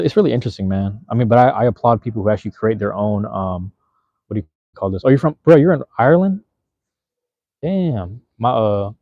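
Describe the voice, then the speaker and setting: A young man rattles on quickly in a low, mellow voice, hosting a casual livestream and answering viewers in loose, rambling slang. The sound is dry and a little dull. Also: no echo. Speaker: livestream host. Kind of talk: casual livestream chat reading viewer comments.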